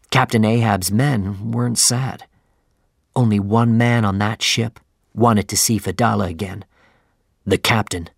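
A male narrator reads a story at an unhurried, measured pace. His voice carries a gravelly edge and sounds dry and close to the mic. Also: on the low side, no room sound. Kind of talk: scripted audiobook narration.

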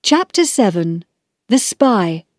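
A woman reading a children's book aloud as narrator, in a slow, clear, measured way. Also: medium pitch, big pitch swings, dry recording, clean studio sound.

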